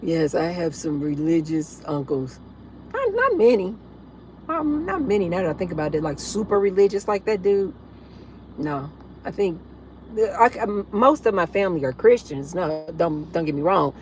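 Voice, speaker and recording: A woman hosting a casual livestream chat, blunt and animated, laughing often as she talks to her viewers. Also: fairly low pitch, moderate pace, slight background noise. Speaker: livestream host.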